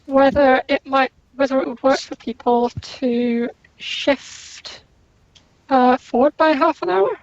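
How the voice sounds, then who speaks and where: A woman playing along on a gaming podcast, speaking hesitantly with halting pauses. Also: high voice, steady tone, no room sound. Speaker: player on the podcast. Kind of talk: casual gaming chat. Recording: dry, slightly dull voice-call audio.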